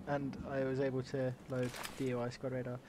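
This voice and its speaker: A man's voice: mid-range voice, monotone, fairly quick, noisy background. A man joking and chatting with teammates over voice chat during a multiplayer game. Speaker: player and channel host. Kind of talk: casual voice chat while gaming.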